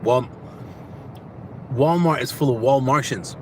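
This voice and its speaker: A man vlogging casually, giving motivational life advice in animated, repetitive storytelling. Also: medium pitch, slow, a little hiss or hum.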